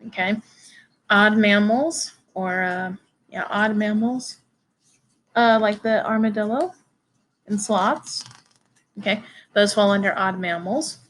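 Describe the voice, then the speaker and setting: A woman lectures on biology at an unhurried, deliberate pace, filling pauses with frequent "um"s and "uh"s. She talks to her students casually and directly. A faint hiss of noise sits under her voice. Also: mid-range voice, a bit bright, poor audio. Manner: halting, many fillers and restarts; informal, addresses students directly. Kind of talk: recorded classroom lecture.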